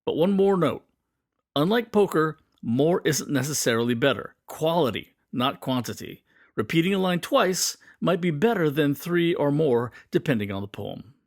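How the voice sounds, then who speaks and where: A man with a fairly high voice gives a poetry lesson, and his pitch swings widely as he explains. He slows down to read quoted lines with drama. The recording is dry and close. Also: creaky, dry recording. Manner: lively, reads quoted lines slowly and dramatically. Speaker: poetry teacher. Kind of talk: explanatory lesson with poem readings.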